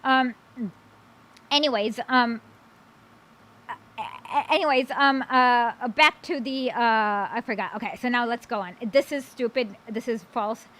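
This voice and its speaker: A woman's voice: fairly high pitch, measured pace, a bit bright. A woman hosting a casual talk stream who reacts to clips, blunt and rambling with many fillers and the odd swear.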